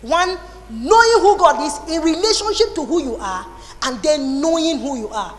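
A woman with a Nigerian accent preaching a lively sermon, slipping into Pidgin and Igbo phrases. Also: sits high, moderate pace. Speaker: pastor. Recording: long reverb in a hall.

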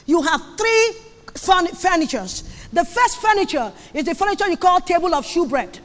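High-voiced woman preaching in a hall. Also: animated, moderate pace. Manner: emphatic, repeats phrases, sudden shouts. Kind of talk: sermon on marriage. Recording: long hall reverb.

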